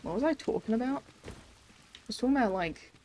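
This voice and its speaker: A woman's voice: fairly high pitch, expressive, quick pace, darkish tone, a little hiss or hum. A young Australian woman streaming a game, chatting casually with many fillers and frequent swearing. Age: young adult. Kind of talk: casual live-stream chat.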